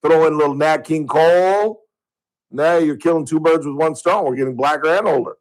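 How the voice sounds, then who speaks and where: A man's voice: a little high, a little fast, poor audio. A man hosting a talk radio show, rambling casually and chuckling at his own jokes into a studio microphone.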